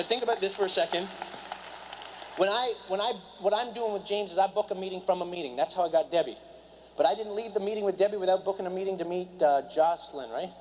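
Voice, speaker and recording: Fast-talking man at a seminar. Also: sits high. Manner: rapid and animated, keeps quizzing the audience. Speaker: seminar speaker and business trainer. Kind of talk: live motivational seminar talk. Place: meeting room before a live audience. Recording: dull lo-fi recording.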